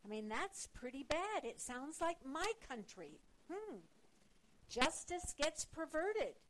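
A woman preaching a sermon as a Bible teacher, slow and emphatic with rising urgency. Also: sits high, very animated, slight background noise, poor audio.

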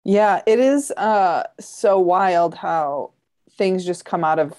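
A woman's voice: fairly low pitch, slow, darkish tone. A woman co-hosting a casual chat, asking questions and making jokes. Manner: joking interviewer.

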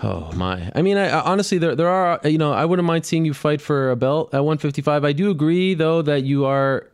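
A man's voice: fairly high pitch, animated, fairly quick, clear, resonant tone. A man hosting an interview, asking questions eagerly and stumbling over his words at times. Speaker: interview show host.

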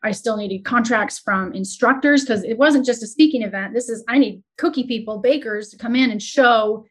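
Woman, guest, entrepreneur, earnest, halting, emotional storytelling. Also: fairly high pitch. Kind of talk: candid conversational storytelling.

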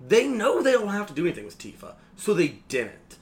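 A young man co-hosting a podcast, ranting casually about a video game in a sarcastic, animated way, swearing freely and acting out lines. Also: sits high, brisk. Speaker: podcast co-host. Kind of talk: casual game critique chat.

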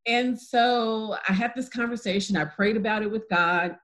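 A woman as an interview guest, telling a personal story in a lively way, acting out dialogue and laughing easily. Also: normal speed, few pauses. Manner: animated storyteller, acts out dialogue with lively pitch jumps. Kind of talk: casual testimony interview.

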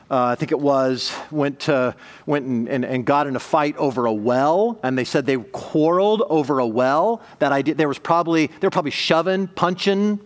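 Pastor guy preaching, kinda high voice, emphatic, keeps repeating himself. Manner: emphatic, repeats words and restarts in bursts. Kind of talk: sermon.

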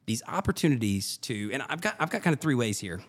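A male podcast host who talks quickly and tells his story in a relaxed, conversational way. His pitch swings widely as he gets animated, and he repeats key phrases to drive a point home.

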